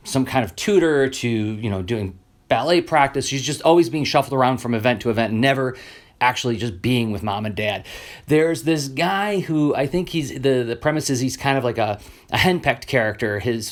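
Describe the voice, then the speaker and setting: Man, 40s, solo podcast host: earnest, reflective, rambling delivery with lots of fillers and restarts. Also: medium pitch. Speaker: comic creator and podcast host.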